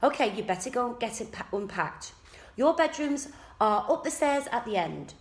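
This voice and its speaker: A woman reading a storybook aloud, voicing a brisk adult group leader giving children firm instructions, in an echoey room. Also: a little high, animated, voice pushed up.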